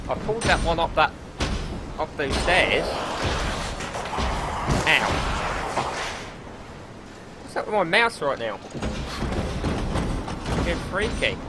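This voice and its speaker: Jumpy, swearing gamer. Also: male voice, on the high side, takes it slowly, pauses often, loud music behind the voice. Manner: panicky, swearing, jokey and excitable. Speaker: gaming YouTuber. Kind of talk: horror game let's play commentary.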